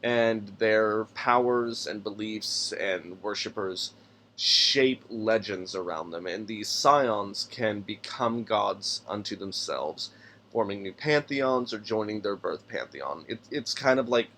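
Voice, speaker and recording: A man's voice: fairly low pitch, takes it slowly, fairly bright tone. Man musing aloud over a rulebook. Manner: musing aloud, reading rules passages, stumbling over names. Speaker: tabletop game podcast host. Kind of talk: casual solo character-building talk.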